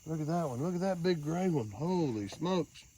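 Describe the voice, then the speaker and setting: A man's voice: on the high side, fast, dark tone, slight background noise. A man, chatting playfully and doting on a toddler while doing farm chores outdoors. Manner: playful, doting, talks baby-talk style to a toddler. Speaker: homesteader and co-host. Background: faint crickets and farm animals.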